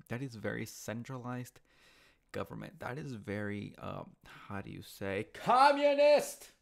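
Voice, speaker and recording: Gravelly man ranting and swearing. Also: lowish voice. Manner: heated, swearing, repetitive. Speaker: host of his own online show. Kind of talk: profane ranting monologue.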